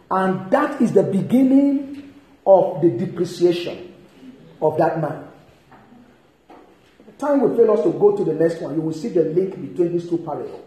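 A man preaching a sermon, emphatic and animated, reading and expounding scripture. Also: sits high, moderate pace, long pauses. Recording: echoey hall.

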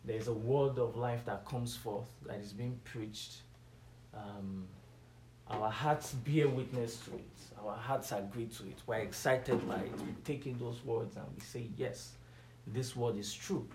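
A man's voice: mid-range voice, measured pace, darkish tone, slight background noise. Emphatic male preacher in an echoey room. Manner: builds to emphatic, rising stresses on key words; asks the listeners questions, waits for replies. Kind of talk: conversational Bible teaching.

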